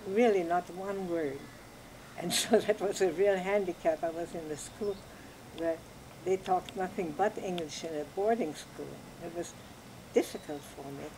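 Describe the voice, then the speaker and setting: Older woman recalling memories, lowish voice. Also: background noise. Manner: reflective, unhurried, laughs softly while telling. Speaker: interviewee. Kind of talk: oral history recollection.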